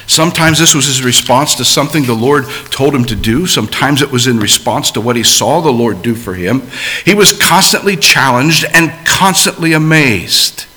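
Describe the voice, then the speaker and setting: A man preaching a sermon, swinging between loud emphasis and hushed, quiet asides. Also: medium pitch, lively intonation, normal speed.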